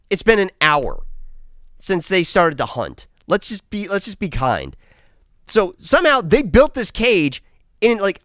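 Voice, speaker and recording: A man's voice: sits high, fairly bright tone, no echo, studio quality. A man giving a casual, rambling film review, sarcastic and swearing freely as he recaps the plot.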